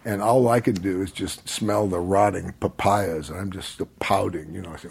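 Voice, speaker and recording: A man, older, telling a personal story in a casual conversation, animated, often laughing and acting out what people said. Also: sits low, moderate pace, creaky, few pauses, breathy edge. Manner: animated, laughs while telling, acts out quotes.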